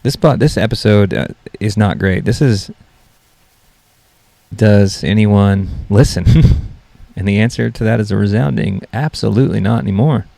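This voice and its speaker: A man's voice: on the low side, normal speed, creaky, dark tone, no room sound. A young man hosting a solo comedy podcast, rambling and mocking himself as he jokes. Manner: rambling, self-mocking, jokey. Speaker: podcast host.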